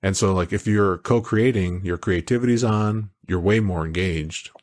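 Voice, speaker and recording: A man co-hosting a podcast, talking in a casual, animated way that wanders through stories. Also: sits low, moderate pace. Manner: animated, storytelling, digressive. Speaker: podcast co-host. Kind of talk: casual chat.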